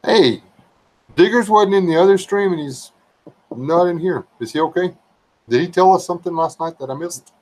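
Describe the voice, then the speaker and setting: A man's voice: high-pitched, moderate pace, pauses often, a little mellow, rough recording. A man rambling through casual, folksy livestream chat. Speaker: livestream regular.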